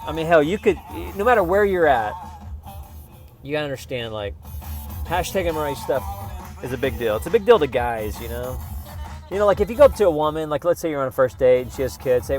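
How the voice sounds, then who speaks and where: A man's voice: a little high, animated, brisk, a little mellow. A man ranting casually to camera in a profane, rambling, frustrated way, with music playing faintly behind him. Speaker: vlogger.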